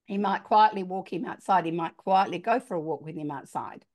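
A middle-aged woman with an Australian accent, speaking as a parenting author on a podcast and telling animated stories with voiced dialogue. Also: on the low side, a little fast. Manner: animated storyteller, acts out quoted dialogue. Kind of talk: conversational podcast storytelling.

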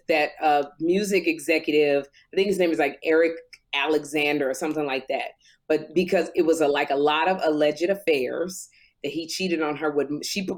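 A woman co-hosting a casual chat, gossiping at length and slipping into impressions. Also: low-pitched. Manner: chatty gossip, slips into impressions. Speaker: co-host.

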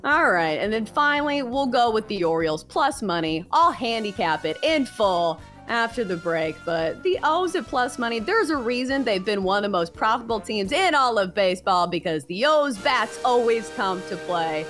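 A woman's voice: on the high side, big pitch swings, normal speed, hardly any pauses, fairly bright tone, soft background music. A woman with a Southern accent co-hosting a sports betting podcast, chatty and breezy, teasing herself as she talks. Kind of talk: casual sports betting chat.

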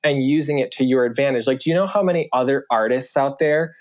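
Podcast guest, male, mid-pitched, rambling casual delivery full of fillers. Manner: fast, filler-heavy talk with many "like"s.

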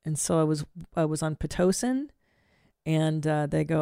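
A woman hosting a podcast, chatting casually and telling stories in a blunt, profane, animated way. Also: deep voice, moderate pace, vocal fry, smooth, no echo, clean studio sound. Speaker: podcast host. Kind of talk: casual chat.

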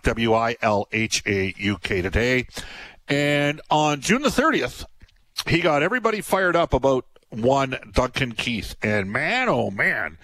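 A man's voice: mid-range voice, a bit bright, dry recording. A man hosting a sports radio talk show, chatting easily and reading ads in stride.

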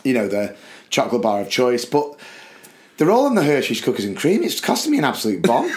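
Excitable man telling a story. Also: medium pitch, a little fast, slight background noise. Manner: excitable, acts out shouts and cries while telling a story. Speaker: podcast co-host, school sports coach. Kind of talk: animated storytelling chat.

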